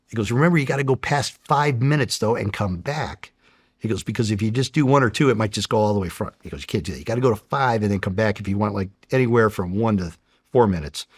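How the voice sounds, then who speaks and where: A man's voice: fairly low pitch, breathy edge, dry recording, studio quality. Profane American man telling war stories. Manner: profane, animated storyteller acting out dialogue. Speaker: former undercover federal agent, guest. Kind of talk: casual storytelling interview.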